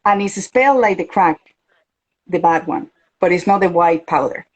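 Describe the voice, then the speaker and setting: Venezuelan-accented woman, coach and interview host, lively chat, acts out quotes. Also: lowish voice, moderate pace, dull audio. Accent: Venezuelan Spanish. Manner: animated, acts out quoted voices.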